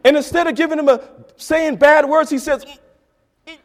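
A man preaching a sermon, swinging between quiet, intimate lines and loud, dramatic bursts as he acts out a story. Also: very high voice, fairly even intonation, normal speed. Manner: dramatic swings from soft to loud, acting out voices.

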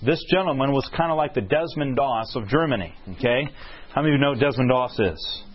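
Preaching quickly and with animation, this medium-pitched man tells a story and keeps asking his listeners questions, only to answer them on his own. It comes through a dull, husky lo-fi recording.

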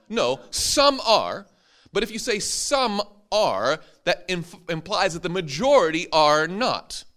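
A man's voice: a little high, a bit bright. A man, a preacher, teaching an interactive Bible class to a live audience, joking and quizzing them as he goes.

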